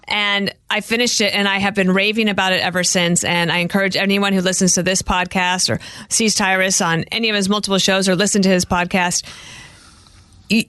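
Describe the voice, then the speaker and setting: A woman hosts a podcast interview and talks with warm enthusiasm about her guest. Her pitch sits in the middle of the range. The recording is dry and close. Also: no echo. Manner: enthusiastic, brief reactions. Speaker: podcast host. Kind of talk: interview conversation.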